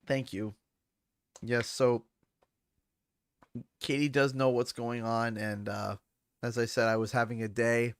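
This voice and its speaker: A man's voice: mid-range voice, level tone, unhurried, long pauses, smooth. A man from Canada with a Canadian accent, chatting casually on a game livestream, laughing often and thanking donors by name. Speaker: streamer.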